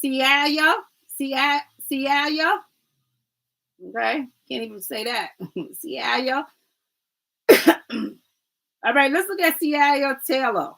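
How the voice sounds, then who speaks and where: A woman's voice: high voice, lively intonation, slow pace, vocal fry, pauses often, rough recording. A woman doing a casual livestream oracle card reading, chatty and rambling, who often adds "right?", calls viewers "family" and stumbles over names.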